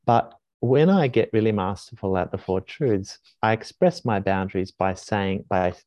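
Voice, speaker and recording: A man's voice: fairly low pitch, moderate pace, a little mellow, dry recording. A man in his forties, a heart coach, explaining ideas in an earnest, reflective way with frequent restarts. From Australia. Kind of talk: reflective conversational teaching. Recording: dull, dry podcast recording.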